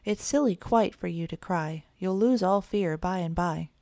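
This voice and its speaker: Woman reading old lame mother cat, gravelly and low, rhyming storybook teacher. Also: normal speed, mellow, no room sound, studio quality. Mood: scolding. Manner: sing-song rhyming storyteller.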